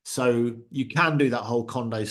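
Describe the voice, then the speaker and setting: A man's voice: mid-range voice, steady tone, moderate pace, a bit bright. A man co-hosting a ski podcast, chatting casually and telling anecdotes, acting out voices in his stories. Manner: chatty anecdotes with acted-out quotes. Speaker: podcast co-host. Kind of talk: casual chat, storytelling.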